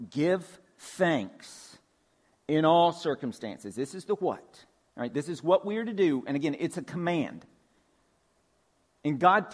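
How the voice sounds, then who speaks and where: A man preaching a sermon from the pulpit of a church, with a somewhat higher voice than most men. He talks in a relaxed, conversational way and often drops in casual fillers as he moves through his points. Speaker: pastor. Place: church sanctuary.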